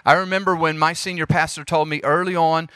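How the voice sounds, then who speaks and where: Southern guy in his 30s preaching to youth, kinda high voice, talks right at the crowd. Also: brisk, clear, resonant tone, dry recording, studio quality. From Jackson, Mississippi. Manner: lively, preacherly, talks straight to the audience. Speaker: youth ministry speaker. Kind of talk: leadership talk to a youth group.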